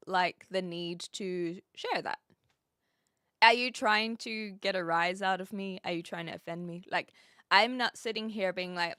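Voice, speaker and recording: Lively bright-voiced New woman. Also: mid-range voice, no room sound, clean studio sound. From New Zealand. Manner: chatty, lots of fillers and restarts. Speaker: streamer. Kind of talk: casual live-stream chat, reading and answering chat.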